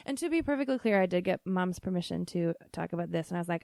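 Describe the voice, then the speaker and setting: A woman podcast host telling a funny family story in a casual, animated way, laughing often and swearing freely. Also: on the low side, moderate pace, creaky, no room sound, studio quality.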